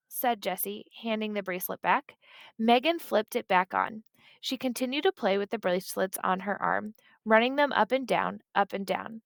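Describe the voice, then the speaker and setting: A woman narrating a children's book in a steady, expressive storytelling manner, close to the mic. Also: mid-range voice, moderate pace, vocal fry, dry recording. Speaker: audiobook reader.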